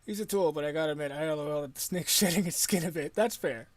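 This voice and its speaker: A man's voice: a little high, fast. A man commenting on a game with wry, sarcastic asides. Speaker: gaming streamer.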